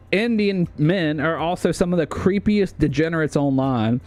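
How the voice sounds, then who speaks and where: A man's voice: on the high side, moderate pace, few pauses, a little mellow. A man from the United States doing livestream commentary as he ranks a tier list, rambling and swearing with plenty of fillers and restarts. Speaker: streamer.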